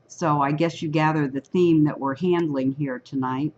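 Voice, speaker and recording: A woman with a raspy voice leading an online prayer service and reading a psalm aloud slowly and solemnly, heard over a computer microphone on a video call. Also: low-pitched, steady tone, darkish tone, lo-fi sound.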